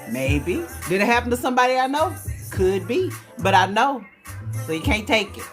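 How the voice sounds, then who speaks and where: A woman, chatting casually on a live stream and reading aloud from her own writing in an animated, chatty way. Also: fairly high pitch, normal speed, faint music behind. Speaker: livestream host and author.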